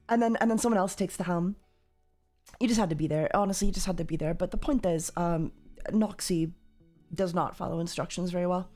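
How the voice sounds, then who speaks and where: A woman hosting a casual livestream chat, loud and sweary, with a slightly tired voice. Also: fairly low pitch, a little fast, faint music behind. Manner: loud, swears freely, jumps into yelling. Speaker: livestream host.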